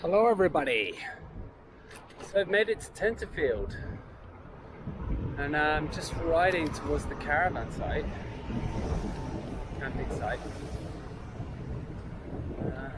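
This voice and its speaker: Slow-talking man cycling outdoors. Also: fairly high pitch, expressive. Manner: rambling, chatty asides to viewers, chuckles often. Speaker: touring cyclist vlogger. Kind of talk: casual vlog narration while cycling. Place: outdoors on a country highway, riding a bicycle. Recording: outdoor road and wind noise.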